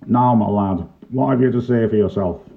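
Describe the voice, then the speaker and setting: Officious dock bobby, stern and scolding, low voice, tinny lo-fi sound, put on by a male narrator. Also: normal speed, gravelly. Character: stern middle-aged male dock policeman. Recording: tinny lo-fi narrow-band recording.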